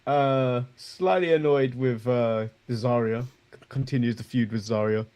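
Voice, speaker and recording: A man's voice: medium pitch, steady tone, unhurried, darkish tone, clean tone. A man co-hosting a casual wrestling review chat, rambling and joking, chuckling at his own remarks. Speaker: co-host.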